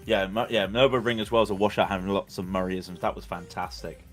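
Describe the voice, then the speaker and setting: A man's voice: low-pitched, flat delivery, fast, soft background music. A man commentating on a sim race in casual chat, rambling and joking with plenty of stammered restarts.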